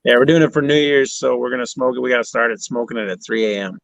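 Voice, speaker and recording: A man's voice: mid-range voice, quick pace, gravelly, no room sound. A man chatting casually in an easygoing way, laughing often. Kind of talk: casual chat.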